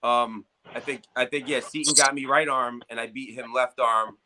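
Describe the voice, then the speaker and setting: A man's voice: medium pitch, steady tone, normal speed, pushed and bright, rough recording. A man hosting an armwrestling talk show, telling stories in a loose, profane, filler-heavy way. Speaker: armwrestling show host and competitor. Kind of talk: casual chat.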